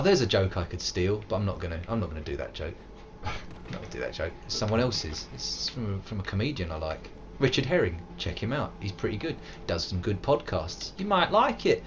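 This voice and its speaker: A man's voice: low-pitched, sing-song, fairly quick, highs cut off, noisy background. A British man hosting a live let's play, chatting playfully and swearing often as he mocks himself. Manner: playful, sweary, self-mocking, bursts into silly voices. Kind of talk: live gameplay commentary.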